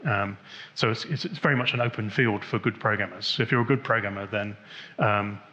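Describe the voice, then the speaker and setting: Guy at a conference, restarts a lot, low-ish bright voice, kinda muffled recording. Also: fairly quick. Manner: rambling, many restarts and fillers. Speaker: conference speaker. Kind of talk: technical conference talk. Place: conference hall.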